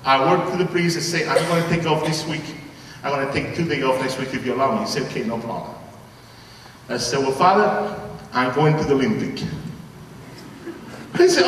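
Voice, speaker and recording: A man from Puerto Rico with a Puerto Rican Spanish accent, a priest telling a lively story in a sermon to a youth conference, acting out the other people's lines as he goes. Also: a little high, brisk, pauses often, a little hiss or hum. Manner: animated, playful storytelling with acted-out dialogue. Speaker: priest giving a homily. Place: large arena. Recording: echoey arena heard from far off.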